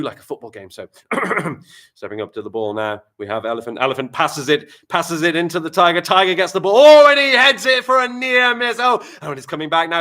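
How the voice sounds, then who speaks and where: A man teaching a live online writing lesson to children, animated and encouraging, with big swings in loudness. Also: mid-range voice.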